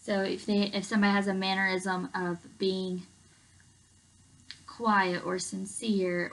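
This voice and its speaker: A woman's voice: medium pitch, flat delivery, measured pace, vocal fry, a little hiss or hum, low-quality recording. A woman teacher giving a recorded English lesson to seventh graders, chatty and explaining with everyday examples and many fillers.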